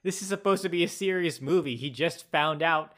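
A man co-hosting a casual podcast, calmly explaining how a movie was shot and why its story fails. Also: fairly high pitch, fairly quick. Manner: explanatory, analytical about filmmaking. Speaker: podcast co-host. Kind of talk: casual movie review chat.

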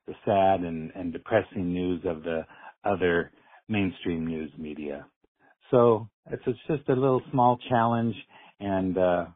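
Deep husky man on a tinny phone line. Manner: earnest, effusive, repeats phrases. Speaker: caller leaving a voicemail. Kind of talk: rambling call-in message.

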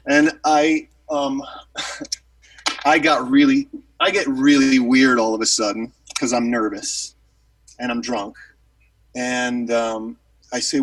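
A man's voice: medium pitch, level tone, takes it slowly, pauses often, recorded from a distance, poor audio. A man, a musician, telling a rambling story in casual chat with lots of fillers and restarts.

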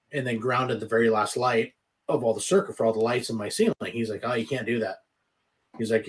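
A man's voice: mid-range voice, a little hiss or hum. A man hosting a casual interview show, laid-back and swearing freely. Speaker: podcast host. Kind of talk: casual chat.

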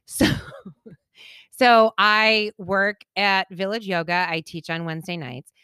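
A woman's voice: medium pitch, takes it slowly, clean tone, dry recording, studio quality. A woman co-hosting a podcast, telling a story in casual chat, often laughing and acting out what people said. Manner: animated, laughs through her story; acts out quoted voices loudly. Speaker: podcast co-host.

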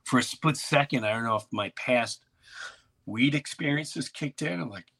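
Male host, bright and tense tone, lively storyteller who acts out quotes. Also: medium pitch, normal speed, vocal fry. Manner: animated, acts out shouted quotes. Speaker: podcast host. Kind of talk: storytelling in casual chat.

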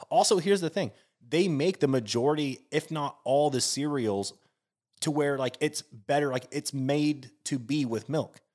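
A man co-hosting a podcast in casual chat, swearing freely and breaking into animated outbursts. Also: fairly high pitch, measured pace. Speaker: podcast co-host.

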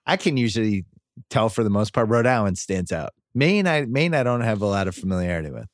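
A man from Massachusetts hosting a casual interview podcast, chatty and joking, with quick interjections. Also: on the low side, expressive, dry recording, clean studio sound. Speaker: podcast host.

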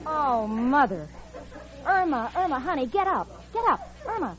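Exasperated, sharp-tongued roommate, high and lively, old radio with audience. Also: female voice, moderate pace, a loud crowd, very noisy. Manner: exasperated, wisecracking. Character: sensible, exasperated young working woman. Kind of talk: 1940s radio comedy acting. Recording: dull old radio recording with studio audience.

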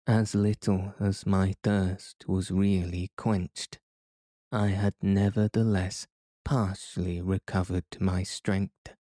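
A man calmly reading a bedtime story aloud in a soothing way as a podcast narrator. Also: deep voice, dry recording, clean studio sound. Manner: calm, soothing.

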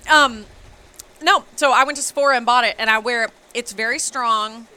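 A woman's voice: fairly high pitch, moderate pace, pushed and bright, smooth. A woman co-hosting a casual podcast, telling stories animatedly with playful jokes. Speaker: podcast co-host. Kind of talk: casual chat. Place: on location at a sewing store.

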